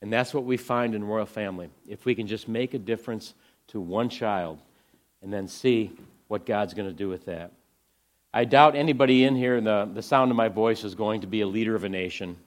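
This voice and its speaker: Low-voiced man telling an inspiring story. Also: fairly quick. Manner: earnest storyteller, swings from hushed to excited. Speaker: ministry speaker presenting to a church audience.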